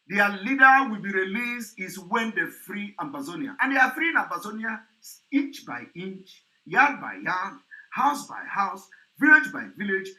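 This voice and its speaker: A man's voice: high-pitched, sharp tone, low-quality recording. A man giving a repetitive, mocking commentary on an interview. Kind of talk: commentary vlog.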